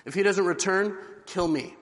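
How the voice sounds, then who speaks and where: A man voicing a loyal friend in an old story, calmly insisting on taking the other's place. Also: high voice, normal speed, close to an everyday voice. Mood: insistent. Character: loyal devoted friend facing execution. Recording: long hall reverb.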